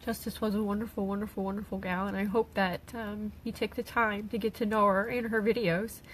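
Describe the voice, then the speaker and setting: A middle-aged woman, tearful, speaking haltingly on an emotional personal livestream as a grieving mother. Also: medium pitch, flat delivery, a little hiss or hum, poor audio. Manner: halting, with pauses and restarts. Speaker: grieving mother sharing her daughter's story.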